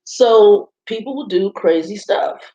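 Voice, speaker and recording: A woman's voice: mid-range voice, animated, unhurried, mellow. A woman vlogger in a hotel room, chatting to viewers in a rambling, casual storytelling way and calling them y'all. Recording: roomy, slightly dull sound.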